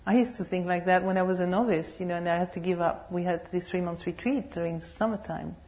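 Humorous Buddhist nun giving a dharma talk. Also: female voice, lowish voice, quick pace. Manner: humorous, animated storytelling. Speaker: Buddhist nun and meditation teacher.

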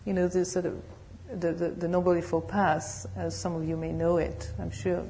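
A woman nun giving a dharma talk, humorous and animated, with a slightly low voice. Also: normal speed, slight background noise. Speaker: Buddhist nun and meditation teacher.

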